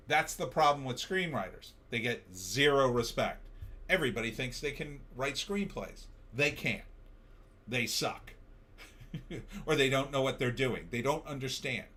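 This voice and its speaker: A man's voice: medium pitch, expressive, a little slow, bright, forceful tone. A tired man hosting a livestream, ranting in a casual way and reading out chat comments. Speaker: livestream show host.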